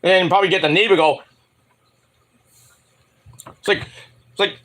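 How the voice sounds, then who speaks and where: A man giving a rambling solo review of wrestling shows, acting out the wrestlers' lines in high mocking voices. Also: steady tone, measured pace, long pauses, a bit bright. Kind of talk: casual solo review monologue.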